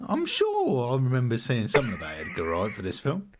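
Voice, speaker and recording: A man from the UK co-hosting a podcast in casual chat, playful and quick with banter. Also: mid-range voice, huge pitch swings. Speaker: podcast co-host.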